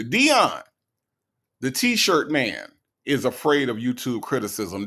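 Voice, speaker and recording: A man from the American South hosting casual reaction commentary, animated and mocking, with a gravelly voice. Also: mid-range voice. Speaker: commentary channel host.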